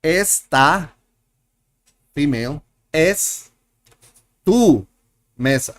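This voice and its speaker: A man's voice: a little high, animated, extremely slow, long pauses. A man teaching a live online Spanish lesson, patiently repeating words and drilling his learners, often correcting himself as he thinks aloud.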